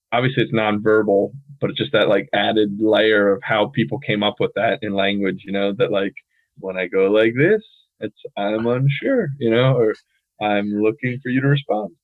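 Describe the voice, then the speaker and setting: A lower-pitched American man chats easily as a podcast co-host, leaning on likes and ums in a fairly monotone delivery. His voice comes through a dry, phone-like line. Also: no echo. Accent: American English. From United States. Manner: relaxed, filler-heavy, says he speaks in a monotone. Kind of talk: casual chat.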